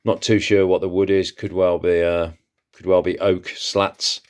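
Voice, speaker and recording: A man's voice: deep voice, flat delivery, a little slow, a little mellow. A man who hosts a vlog and chats with enthusiasm as he shows off his antiques haul, with frequent fillers. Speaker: antiques seller and channel host. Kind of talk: casual haul vlog, showing items.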